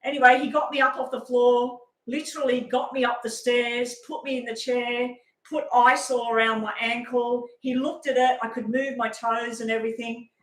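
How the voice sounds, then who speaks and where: A middle-aged woman, rambling casually on a live stream as a tarot reader and telling a long story with animated asides. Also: fairly high pitch, moderate pace. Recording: echoey room.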